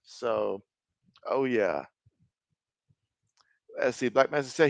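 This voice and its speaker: A man in his thirties hosting a casual live stream, calling football plays and reading viewer chat aloud, reacting loudly to big plays. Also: fairly high pitch, wildly swooping pitch, takes it slowly, vocal fry, pauses often, no room sound, muffled recording. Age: 30s. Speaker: live-stream sports host.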